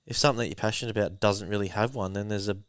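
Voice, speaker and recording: An Australian man on a podcast, chatting quickly and jokily, swearing without noticing. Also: fairly low pitch, fairly even intonation, no echo. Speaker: podcast guest. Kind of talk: casual chat.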